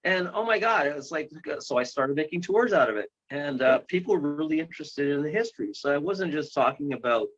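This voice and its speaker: A man, a guest who leads ghost tours and investigations, telling a long story in an interview, rambling with many fillers, restarts and excited exclamations. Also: fairly high pitch, a little fast, hardly any pauses. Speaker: guest, ghost tour guide and paranormal investigator. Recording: dull lo-fi sound.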